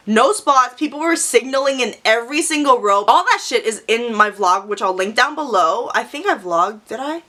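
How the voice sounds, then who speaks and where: A young woman telling a storytime vlog in an animated, profane, dramatic way. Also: a little high, normal speed, hardly any pauses. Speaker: vlogger.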